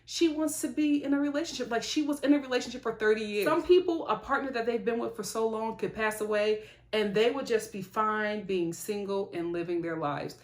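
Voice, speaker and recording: A woman giving a casual, animated vlog review of a reality show, sympathetic and chatty. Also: on the high side, brisk, echoey room.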